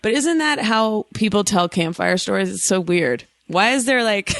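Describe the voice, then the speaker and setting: A woman's voice: mid-range voice, expressive, normal speed, hardly any pauses, a bit bright, dry recording. A woman in her thirties hosting a comedy call-in podcast, telling stories in a playful, joking way. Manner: playful, swears, mock campfire-story whispers. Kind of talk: casual comedic storytelling.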